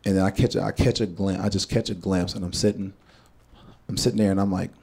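A man in his thirties telling a stand-up story on stage. He drops into hushed asides and bursts into loud, profane punchlines. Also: deep voice, fairly even intonation, fast, gravelly, slightly rough. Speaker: stand-up comedian. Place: comedy stage before a live audience.

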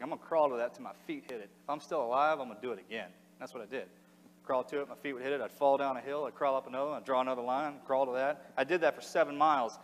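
Fast-talking man in a reverberant hall. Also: medium pitch, fairly bright tone. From United States. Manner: blunt, casual storytelling with slang and restarts. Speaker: former soldier giving a speech. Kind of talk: public speech, storytelling. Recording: speech in a large hall with long reverb.

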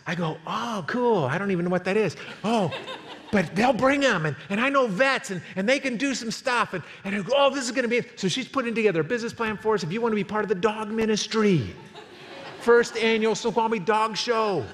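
Pastor, man in his sixties, animated sermon storyteller, voice sits a little high, long church reverb. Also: brisk. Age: 60s. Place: church sanctuary. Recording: long hall reverb, faint noise.

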